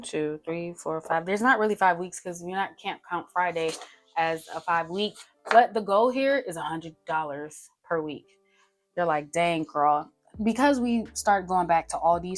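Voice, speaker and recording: Chatty woman vlogger, low voice. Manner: chatty, talks straight to her viewers, counts aloud. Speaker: budgeting vlogger. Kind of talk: casual talk-through while writing a budget. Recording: faint music behind.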